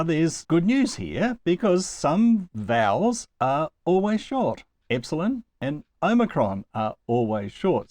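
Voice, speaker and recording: Guy teaching greek, lively up and down voice, stretches words out slow, little chuckles. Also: medium pitch, no echo. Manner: slow, deliberate over example words, with chuckles. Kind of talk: recorded lecture.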